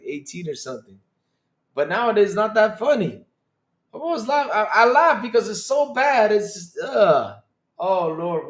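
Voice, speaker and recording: A man hosting a casual podcast, chatting loosely, repeating himself, swearing and laughing often. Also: high voice. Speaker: podcast host. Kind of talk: casual livestream chat reacting to chat comments.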